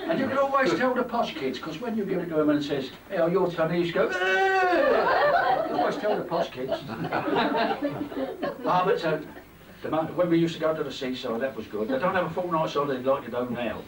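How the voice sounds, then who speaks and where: An older man telling comic stories to a live party crowd in a chatty, teasing, animated way. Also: fairly high pitch, fast, very noisy. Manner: chatty, teasing, animated anecdotes with many asides. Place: party hall. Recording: echoey room, distant mic, loud crowd laughter.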